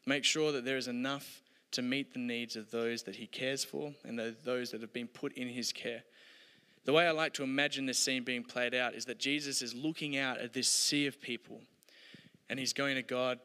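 A man preaching a sermon, telling stories earnestly and letting his voice drop soft at the end of each point. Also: mid-range voice, steady tone, moderate pace. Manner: earnest, storytelling, voice dropping soft at ends of points. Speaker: pastor. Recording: long hall reverb.

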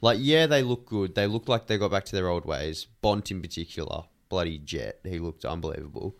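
A man's voice: low voice, lively intonation. An Australian man on a casual sports podcast who gives cautious, skeptical takes. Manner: skeptical, measured opinions. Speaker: podcast co-host. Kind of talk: casual chat.

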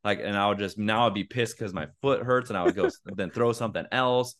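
A young man co-hosts a podcast in casual chat, earnest and rambling with plenty of fillers, acting out angry quotes in a raised voice. His voice is lowish, brisk and a bit bright.

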